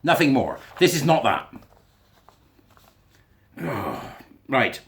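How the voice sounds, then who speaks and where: A man's voice: fairly high pitch, big pitch swings, measured pace, vocal fry, pauses often, bright, forceful tone. A man giving a sarcastic, sweary commentary as he reads passages aloud and mocks them. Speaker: commentator reading and rebutting a school policy. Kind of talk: ranting commentary.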